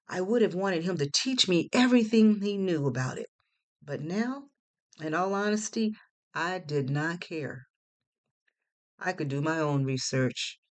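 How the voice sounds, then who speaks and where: A woman, the author, reading her own story in first-person narration, earnest and emotive. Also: low voice. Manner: earnest, emotive, voice rising when indignant.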